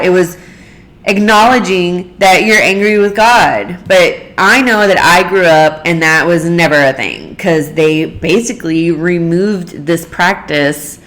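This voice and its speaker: Slow, reflective woman musing aloud. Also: on the low side, a bit bright. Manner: unhurried, searching, many fillers and restarts. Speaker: podcast host. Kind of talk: reflective solo monologue.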